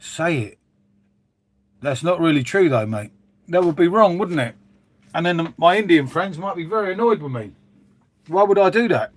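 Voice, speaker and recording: A man's voice: fairly high pitch, lively intonation, moderate pace, long pauses. A man hosting a casual livestream at home, rambling chattily and calling his viewers mate. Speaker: livestream host reading chat. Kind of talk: casual chat with live viewers. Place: at home making a hot drink.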